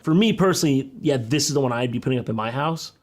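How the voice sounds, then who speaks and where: A man's voice: mid-range voice, animated, fast talker, darkish tone. A man giving sarcastic, mocking comedic commentary on a reality dating show.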